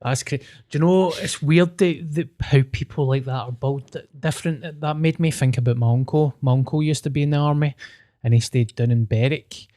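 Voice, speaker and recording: A man's voice: a little high, fairly even intonation, a little fast, warm tone, no room sound, studio quality. A Scottish man speaking as a podcast guest, earnest and sweary in casual chat. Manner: earnest, sweary, plain-spoken.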